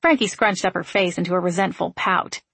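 A woman narrating an audiobook in an even, wry storytelling manner. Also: on the low side, fairly quick, creaky, breathy edge, no room sound.

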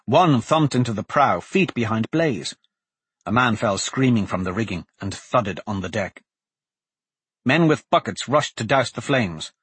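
A man narrating a fantasy audiobook in a measured, steady reading. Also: medium pitch, slightly rough, no room sound.

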